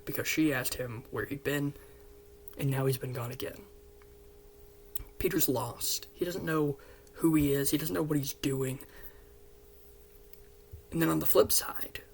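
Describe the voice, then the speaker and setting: A man earnestly retelling the scenes of a story pitch he wrote, often dropping into hushed half-whispers. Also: slight background noise. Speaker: fan pitching a series.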